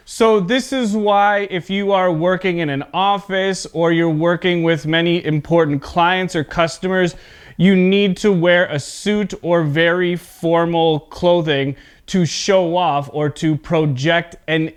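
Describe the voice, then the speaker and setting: Man, English teacher, high voice, smooth and crisp, unhurried, exaggerated word stress, checks in often. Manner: slow, deliberate explaining with frequent "okay?" check-ins; exaggerates word stress in repeated demonstration words. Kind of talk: online pronunciation lesson.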